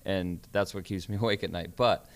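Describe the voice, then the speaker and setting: Deep-voiced man, earnest with restarts. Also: fairly even intonation, a little fast. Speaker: professional golfer guest. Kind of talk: casual chat.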